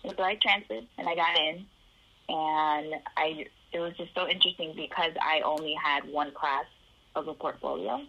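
A woman's voice: low-pitched, fairly even intonation, moderate pace, bright, forceful tone, dull audio. A woman from the Chicago area telling her life story in an interview, acting out the voices of the people in it.

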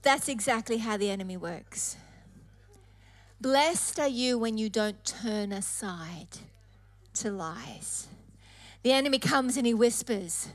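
A woman's voice: fairly high pitch, lively intonation, slow, pauses often. A woman preacher delivering an emphatic sermon, stressing points through repetition. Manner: emphatic, repeating phrases for effect.

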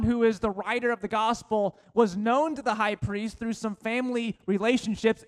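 A male pastor delivers a sermon in a high voice. He slows his pace and leans hard on key phrases, and his voice drops low at the ends of lines. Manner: preaching with slowed, emphatic phrases and dropping to a low voice for quotes.

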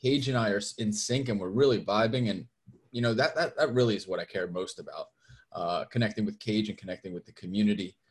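A man's voice: lowish voice, fast, breathy edge. A man hosting a podcast in casual chat, upbeat and now and then hunting for a word. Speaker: podcast co-host.

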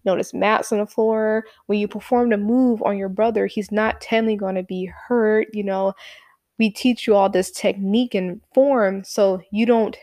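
Woman playing a calm male instructor, soothing, patient, dry close sound. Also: medium pitch, moderate pace, no echo, close to an everyday voice. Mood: reassuring. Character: calm reassuring male martial arts instructor.

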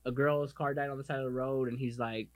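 A man co-hosting a podcast in casual chat, animated and profane, often acting out other people's voices. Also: medium pitch, a little fast, dry recording. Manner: animated, swears a lot, acts out others' voices; self-described most expressive. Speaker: podcast co-host.

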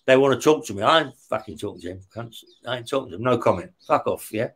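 A man telling stories as an interview guest, blunt and rough-spoken, swearing heavily and tagging his lines with "yeah?". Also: mid-range voice, animated, fast, a bit bright. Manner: heavy swearing, frequent "yeah?" tag questions. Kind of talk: casual storytelling.

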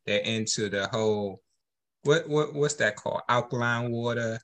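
A man's voice: medium pitch, normal speed, fairly bright tone. A man co-hosting a podcast, teasing his partner and lecturing listeners in a casual chat, speaking. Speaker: podcast co-host.

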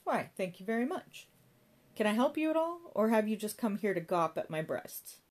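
A woman's voice: mid-range voice, sing-song, normal speed, pitched above the performer's own voice. A woman reading a storybook voicing a prim, haughty and flirtatious woman behind an admissions desk.

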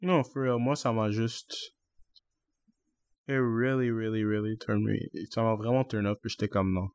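A man's voice: lowish voice, fairly even intonation, moderate pace, a little mellow. A young man co-hosting a casual podcast, venting at length in an earnest way and slipping into French now and then. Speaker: podcast co-host.

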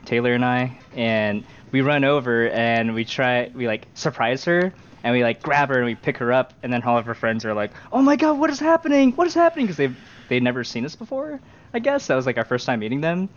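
A man's voice: mid-range voice, lively intonation, a little fast, fairly bright tone, clear, resonant tone. A man chatting casually on a podcast, spinning rambling stories from his past. His voice sits in an ordinary middle range. The sound is dull and lo-fi. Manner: rambling anecdotes with acted quotes. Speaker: podcast co-host. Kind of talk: casual chat, storytelling. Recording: dull lo-fi audio.

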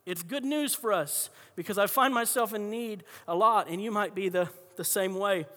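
Bright, high-voiced preacher in a reverberant hall. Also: male voice, normal speed. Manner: conversational storytelling with frequent restarts. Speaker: pastor. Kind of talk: sermon.

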